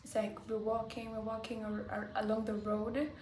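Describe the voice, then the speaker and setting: A woman vlogger telling a personal story to camera, halting and full of fillers like "like" and "you know". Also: fairly high pitch, monotone, a little mellow. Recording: roomy echo, faint background hiss.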